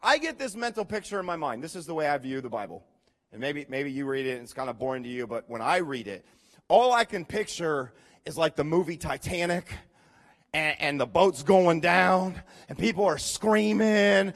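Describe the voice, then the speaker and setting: A man preaching a sermon to his congregation, swinging from quiet, earnest passages to loud, dramatic storytelling and direct appeals. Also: high-pitched, lively intonation, normal speed. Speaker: pastor.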